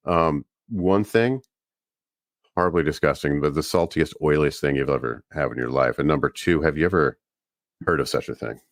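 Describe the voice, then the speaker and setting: Very deep-voiced man, rambling chat. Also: moderate pace, no echo, studio quality. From US Northeast. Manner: rambling, animated storyteller. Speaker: podcast co-host. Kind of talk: casual chat.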